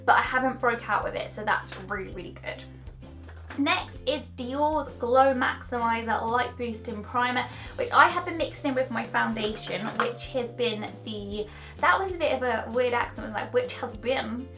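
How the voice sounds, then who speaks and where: A young woman with a fairly high voice rambles cheerfully through a casual beauty review. Her delivery is bubbly and easily sidetracked. Faint music plays quietly in the background. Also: lively intonation, moderate pace. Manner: chatty, bubbly, goes off on tangents. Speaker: beauty vlogger. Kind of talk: casual product review chat.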